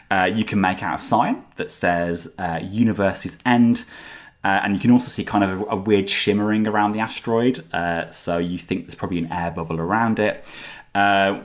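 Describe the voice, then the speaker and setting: A man running a tabletop game as game master, describing scenes in a loose, rambling way with many fillers. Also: low-pitched.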